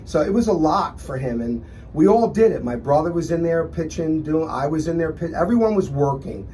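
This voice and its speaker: A man's voice: fairly high pitch, brisk, a little hiss or hum. A middle-aged man, telling stories in a casual interview as a restaurant owner and guest, acting out the customers he describes. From Philadelphia. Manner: animated, acts out customers in his stories.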